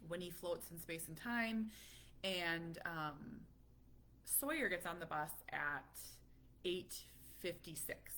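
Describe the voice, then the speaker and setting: A woman talking casually to her viewers about her family, chatty and animated, a little stuffy from a cold. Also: fairly low pitch, slow pace, slight background noise. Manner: chatty, animated, laughs often. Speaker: parent vlogger. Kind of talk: casual chat.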